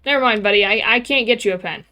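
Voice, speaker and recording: A woman's voice: a little high, fast talker, sharp tone, soft background music. A woman streaming a game, chatting casually and playfully reading the characters' lines aloud in light voices.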